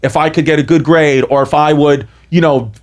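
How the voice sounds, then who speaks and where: A man's voice: fairly high pitch, steady tone, a little fast. A man in his thirties from the New York area, a comedian guest telling a story animatedly, laughing and swearing as he goes. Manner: laughs through lines, heavy swearing.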